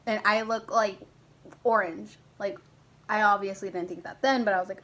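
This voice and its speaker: In a low-quality recording, a young woman vlogs casually about something from her past, speaking at a moderate pace. She's lively and a little crude, occasionally using a squeaky high voice as her younger self.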